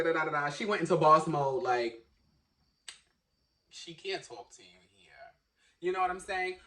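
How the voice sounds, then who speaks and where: A man telling a story in a casual vlog, animated and dramatic, acting out his own inner monologue. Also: a little high, distant mic.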